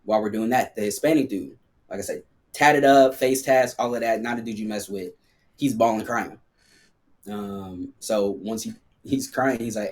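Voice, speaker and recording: A man's voice: fairly low pitch, moderate pace, darkish tone. A man guesting on a podcast, telling a personal story in a casual, slangy way full of fillers.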